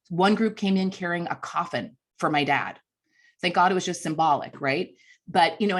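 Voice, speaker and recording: Chatty woman in her fifties telling stories. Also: fairly low pitch. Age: 50s. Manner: lively, chatty, self-deprecating. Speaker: communications coach. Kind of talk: storytelling speech at a conference.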